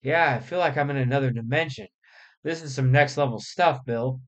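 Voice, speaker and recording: A man's voice: medium pitch, brisk, lightly acted. A man doing a flirty, swaggering rapper. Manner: flirty swagger, breaking into laughter.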